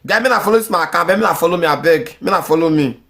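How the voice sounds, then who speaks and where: A woman's voice: fairly low pitch, animated, very fast, creaky, fairly bright tone. A woman with a Nigerian accent ranting angrily in heated social media commentary. She repeats herself often and mixes pidgin with English.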